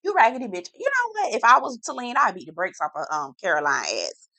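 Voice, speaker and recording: A woman's voice: on the high side, no room sound. A woman giving a blunt, slang-heavy reality TV recap, stretching out words for emphasis. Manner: sassy, slangy, blunt commentary; lively, drawn-out emphasis. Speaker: TV recap reviewer.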